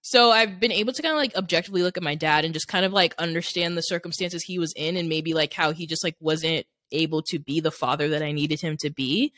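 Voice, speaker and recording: A woman's voice: low-pitched, quick pace, hardly any pauses, a bit bright, dry recording, studio quality. A young adult woman co-hosting a podcast, telling personal stories in a candid, rambling way, packed with "like" fillers. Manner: rambling, heavy use of "like" fillers. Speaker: podcast co-host. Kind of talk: casual chat.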